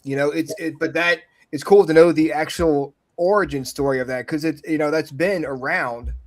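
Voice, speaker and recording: A man's voice: fairly high pitch, normal speed. A man hosting a podcast, chatting casually and rambling with lots of filler phrases. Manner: rambling, full of "you know". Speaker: podcast host. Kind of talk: casual chat.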